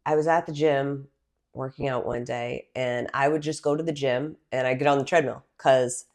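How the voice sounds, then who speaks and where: A woman, a personal trainer talking as a podcast guest, lively and animated as she tells her story. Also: very deep voice, moderate pace. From Massachusetts, US. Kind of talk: casual interview talk.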